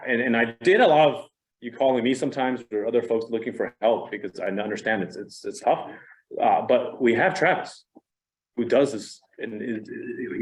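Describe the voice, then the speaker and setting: A man's voice: medium pitch, low-quality recording. A middle-aged man giving a casual training talk to real estate agents. He speaks conversationally and animatedly, with a self-deprecating manner.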